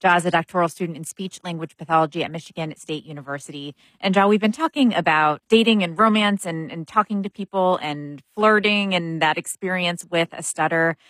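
A woman interview host asks smooth, measured questions and introduces guests. Her voice is low for a woman. The sound is dry and close to the mic. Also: a bit bright, no room sound, rough recording. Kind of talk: hosting an interview.

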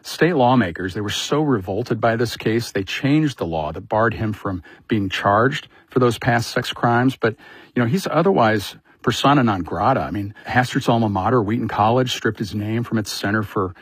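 A man's voice: lowish voice, normal speed, slightly rough, no room sound. A man, a politics editor, explaining in a conversational radio interview.

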